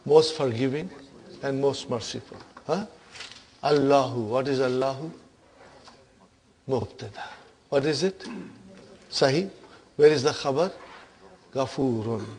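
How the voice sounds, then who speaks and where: A man's voice: mid-range voice, a little mellow, low-quality recording. A man teaching an Arabic grammar class, quizzing his students with repeated questions and slipping into Urdu phrases now and then. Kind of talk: classroom lecture.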